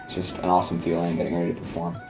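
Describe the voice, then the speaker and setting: A teenage boy speaks in a very low, gravelly voice with a flat, steady pitch. He recalls band trips calmly. The room is echoey and music plays behind him. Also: very fast. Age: teens. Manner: low, even, relaxed recollection. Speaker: senior band student. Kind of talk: casual reminiscence.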